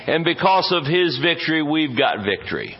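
A man's voice: on the high side, sing-song, moderate pace, husky. A man preaching a sermon as pastor, folksy and joking, stretching words for emphasis. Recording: dull muffled audio.

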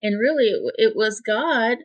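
A woman's voice: on the high side, animated, moderate pace. A woman in her fifties, a guest in an interview, earnestly telling a heartfelt personal story. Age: 50s.

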